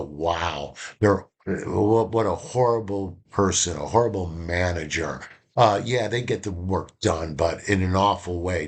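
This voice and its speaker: Man giving a lively casual lesson. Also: on the low side. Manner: lively, acts out little dialogues. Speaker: instructor.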